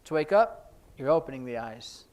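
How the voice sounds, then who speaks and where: A man teaching a sign language class in a church classroom, explaining each sign as he demonstrates it, with hurried asides about the time. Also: mid-range voice, expressive, a little mellow. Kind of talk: classroom instruction.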